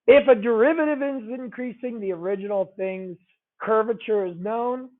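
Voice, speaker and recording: Through tinny, phone-like audio, a man with a high voice teaches math at a moderate pace. He keeps the tone conversational, going back over key phrases and checking in with his class.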